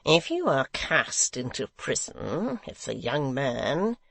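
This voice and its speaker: A man's voice: mid-range voice, big pitch swings, creaky, a bit bright, dry recording, full character voice. A man doing a cold, sneering secretary. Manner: measured and mocking, with cold sneers.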